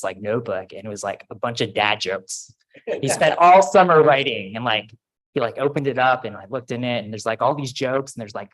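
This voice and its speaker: A man's voice: mid-range voice, fairly bright tone, rough recording. A man at a podium in a big auditorium gives a ceremony speech. He talks in a loose, chatty way and pokes fun at himself as he tells stories. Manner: casual, self-deprecating storytelling. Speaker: faculty speaker. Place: large auditorium. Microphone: podium microphone.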